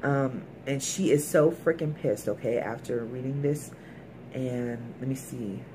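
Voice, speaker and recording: A woman's voice: extremely low pitch, a little slow, background noise. Emphatic woman recapping a TV episode. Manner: emphatic, colloquial, talks straight to viewers. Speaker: TV episode reviewer.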